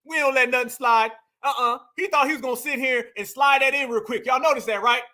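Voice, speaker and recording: Fields: high-voiced man, mocking commentary. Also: fairly even intonation, a little fast, sharp tone. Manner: mocking, heated, talks to the chat. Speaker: online commentary host. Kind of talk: reaction commentary.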